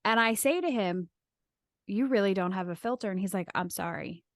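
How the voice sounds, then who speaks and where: Woman podcast guest, wry and candid, mid-pitch, dry close sound. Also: brisk, no echo. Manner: candid, wry, quotes her partner. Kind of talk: casual chat.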